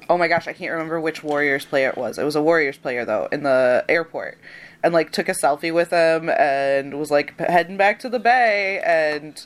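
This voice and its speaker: A woman co-hosting a casual podcast chat, telling stories with frequent laughs and lots of "like". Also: deep voice. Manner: chatty storyteller, laughs often, fillers like "like". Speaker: podcast co-host.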